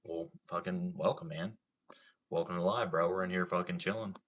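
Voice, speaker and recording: Low-voiced, bright-toned man chatting on a livestream. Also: fairly even intonation, moderate pace. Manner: laid-back, profane, slangy, lots of "like" and "bro". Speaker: livestream host. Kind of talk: casual livestream storytelling and chat.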